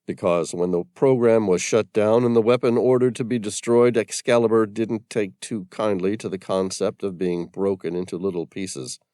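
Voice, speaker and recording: A man's voice: lowish voice, fairly even intonation, normal speed, hardly any pauses, mellow, no echo, studio quality, pitched above the performer's own voice, lightly acted. A man voicing a hunted former scientist who speaks grimly and emphatically about his fate. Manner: grim, intense, emphatic. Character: grim hunted male ex-scientist, fatalistic.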